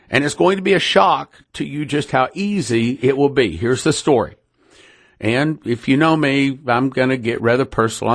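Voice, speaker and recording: Earnest middle-aged ministry leader, gravelly, dry close sound, emotional testimony. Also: male voice, on the high side, fairly bright tone, no echo. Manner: earnest, emotional, repeats himself often. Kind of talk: personal testimony to listeners.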